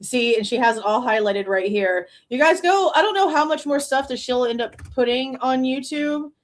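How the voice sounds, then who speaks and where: A woman hosting a true crime reaction show, talking casually in an animated, incredulous way, with slang and frequent laughs. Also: sits high, moderate pace. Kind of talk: casual commentary.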